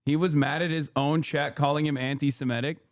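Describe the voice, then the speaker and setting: A man chatting casually on a live stream with a slightly higher voice. He jokes around and laughs between his points, and his speech is loose and conversational. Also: fairly even intonation, a little fast. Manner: joking, laughs often.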